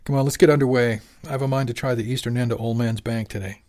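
A man's voice: mid-range voice, fairly even intonation, fast talker, mellow, close to an everyday voice. A man reading an audiobook, voicing an easygoing middle-aged fishing boat skipper in a plain, friendly way.

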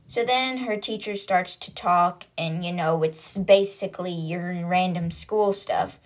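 A woman's voice: fairly low pitch, measured pace. Chatty woman recapping a book. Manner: chatty retelling with lots of "like" and paraphrase. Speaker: book podcast host. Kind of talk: casual chapter recap.

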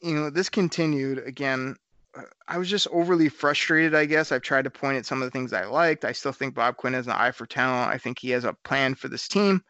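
A man hosting a casual sports talk show, talking in a rambling, animated way and laughing often. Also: medium pitch, brisk, no room sound. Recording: dry, slightly dull audio.

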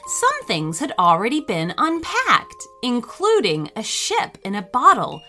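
This is a slow, gentle read-aloud of a children's story by a woman whose tone is bright and clear. Her slightly high voice swings expressively and never hurries, backed by quiet music.

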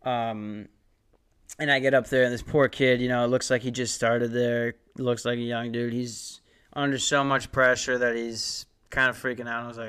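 A man's voice: mid-range voice, level tone, moderate pace, a bit bright, clear, resonant tone. A man in his twenties telling a rambling, profane, self-mocking story on his podcast. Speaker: podcast host.

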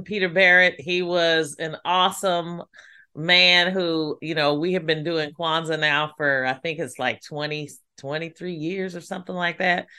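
A woman's voice: fairly low pitch, bright, forceful tone, clean tone. A woman hosting a podcast, talking casually and encouraging her guest with lots of praise. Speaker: podcast host.

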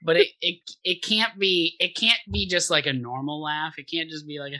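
A man co-hosting a podcast in casual chat, animated and thinking aloud in bursts. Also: on the high side, moderate pace, dry recording. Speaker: podcast co-host.

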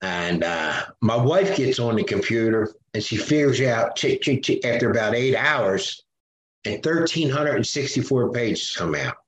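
An older Philadelphia native appears as a podcast guest, speaking unhurriedly at medium pitch as he tells stories. He's animated, imitating quoted voices with plenty of fillers, and the room sound is noticeable.

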